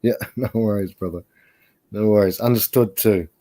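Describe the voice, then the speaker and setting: A man's voice: lowish voice, moderate pace, mellow. A man talking as a guest on a casual live stream, rambling and hesitant with lots of fillers.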